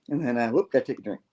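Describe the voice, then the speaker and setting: A hoarse man co-hosting a casual comic book review, retelling the plot in an animated way full of "like" asides. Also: medium pitch, lo-fi sound. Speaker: co-host.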